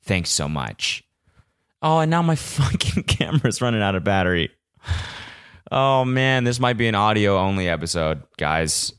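A young man with a slightly low voice rambles through a solo podcast from his apartment. He sounds frazzled and swears constantly, piling up restarts as he talks. He is picked up by a little vlog camera's built-in mic. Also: animated, moderate pace, a bit bright, smooth. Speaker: podcast host. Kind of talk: casual solo podcast monologue. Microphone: small vlog camera mic.

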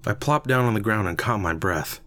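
A man's voice: on the low side, a little fast, bright, forceful tone. A man narrating a first-person story in a casual, wry way.

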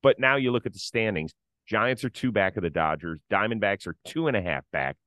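Leading the conversation on a casual sports talk podcast, a middle-aged host sets up each topic and runs the segments conversationally. He speaks fairly quickly in an animated, lowish voice that's a bit bright, with clean studio sound and no echo.

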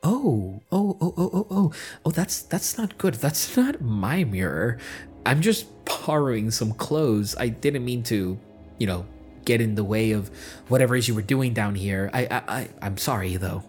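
A man's voice: mid-range voice, expressive, moderate pace, darkish tone, soft background music, lightly acted. A man voicing a female elf partygoer who is flustered, apologetic and stammers nervously. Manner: stammering, fussy, nervously polite.

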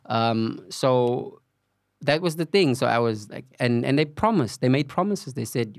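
A man's voice: medium pitch, lively intonation, normal speed, gravelly, no echo, clean studio sound. A middle-aged man, a podcast guest candidly telling a story and acting out what people said. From South Africa, Cape Flats. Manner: recounts events with acted-out quoted dialogue and frequent "you know".

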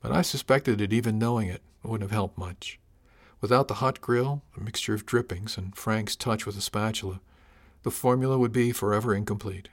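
A man reading a first-person story aloud as audiobook narrator, wry and even. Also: on the low side, normal speed.

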